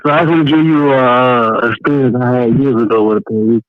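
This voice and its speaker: A man's voice: mid-range voice, steady tone, quick pace, no echo. Southern man calling over a tinny phone line. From American South. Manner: casual, profane, laughs while telling stories. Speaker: caller. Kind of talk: phone-in storytelling.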